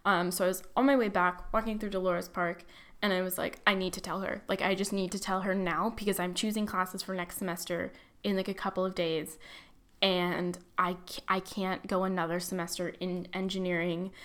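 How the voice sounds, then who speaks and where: A woman's voice: lowish voice, level tone, moderate pace, fairly bright tone. A young woman, a college student, chatting casually about her life, filling her talk with likes and you-knows and poking fun at her own flair for drama. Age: young adult. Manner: chatty, filler-heavy, self-deprecating, dramatic. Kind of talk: casual personal storytelling.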